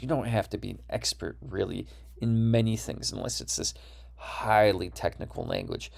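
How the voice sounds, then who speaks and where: A man's voice: on the low side, vocal fry. A man with a Wisconsin accent giving a recorded course lecture, explaining ideas and checking in with "right?".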